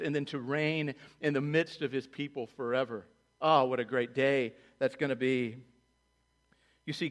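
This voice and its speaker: A man preaching a sermon as pastor, animated, acting out quoted voices and dropping low and quiet for solemn lines. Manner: animated, acts out voices of God and children in quotes.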